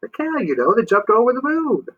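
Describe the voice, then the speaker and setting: A man's voice: extremely high pitch, big pitch swings, brisk, phone-quality sound, voice pushed up, exaggerated voice. A man voicing the moon as a sleepy, hard-of-hearing old man who keeps mishearing. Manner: drowsy, mishearing, cranky then kind.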